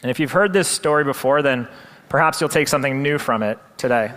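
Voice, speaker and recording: A male presenter telling a story with animated, dramatic delivery. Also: mid-range voice, brisk, long reverb tail.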